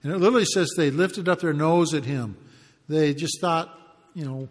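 A man's voice: on the high side, normal speed, long reverb tail. A man preaching a conversational expository sermon, reading verses and acting out brief taunts as asides. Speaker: pastor.

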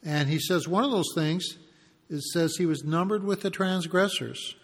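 A man's voice: on the high side, moderate pace, husky, long reverb tail. A man preaching a conversational expository sermon, reading verses and acting out brief taunts as asides. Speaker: pastor.

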